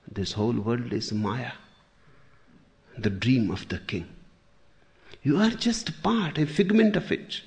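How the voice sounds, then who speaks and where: A man voicing a stern ancient sage who insists in a sharp, raised voice. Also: mid-range voice, animated, takes it slowly, long pauses. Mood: insistent. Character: stern ancient male philosopher, dismissive.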